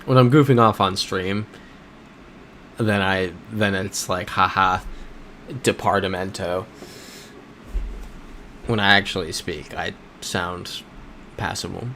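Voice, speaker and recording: A man with a fairly low voice talks through a live game stream, chatty and thinking aloud as he reacts to his chat. A faint air-conditioning hum sits behind him. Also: fairly even intonation, measured pace, fairly bright tone.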